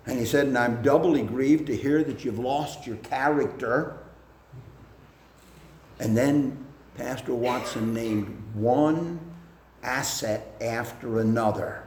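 A man preaching a sermon in a slow, deliberate way, building up in pitch and force at the high points. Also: darkish tone, roomy sound, slight background noise.

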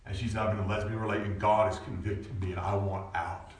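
A man in his forties preaching a sermon. He talks in a lively way and climbs to shouts at the peaks. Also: fairly low pitch, quick pace, far from the mic, a little hiss or hum. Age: 40s. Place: church sanctuary. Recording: echoey room, voice from off-mic.

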